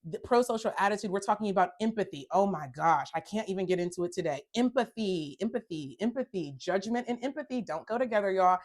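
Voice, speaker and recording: A woman's voice: medium pitch, animated, fast, few pauses. A woman hosting a self-help talk, speaking emphatically, repeating phrases for stress and growing heated when she is upset. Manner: emphatic, repeats phrases, addresses listeners as y'all; gets worked up and loud when upset. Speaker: host.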